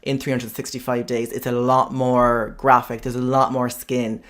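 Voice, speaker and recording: A man's voice: medium pitch, flat delivery, moderate pace, fairly bright tone. Man chatting frankly on a podcast. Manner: chatty and frank, heavy on fillers and swearing. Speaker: podcast host. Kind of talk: casual podcast monologue.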